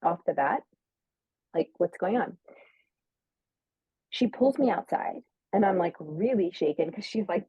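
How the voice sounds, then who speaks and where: A woman's voice: fairly low pitch, animated, a little slow, long pauses, breathy edge, no echo. A woman telling a personal story in casual chat, full of "like" and acting out quoted lines. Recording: narrow phone-like sound, dry.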